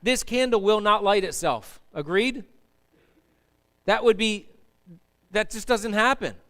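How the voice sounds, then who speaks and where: A man with a high-sitting, fairly bright voice preaches at a measured pace. As pastor in a church sanctuary, he delivers his sermon emphatically and asks the congregation to answer back.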